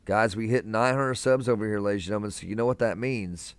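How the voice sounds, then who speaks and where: A young man with a low, smooth voice chats easily on a live stream from a hospital room. He talks in a relaxed, friendly way, reading out viewers' names and calling them brother. The sound is close and dry, with no room echo. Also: quick pace. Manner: laid-back, calls viewers man and brother, reads chat aloud.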